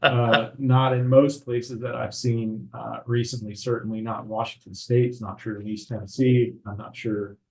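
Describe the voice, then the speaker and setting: A man in a podcast conversation, explaining estate law in a measured, even way. He slows down to stress key terms and pauses with fillers as he thinks. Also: mid-range voice, gravelly, low-quality recording. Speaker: estate planning attorney.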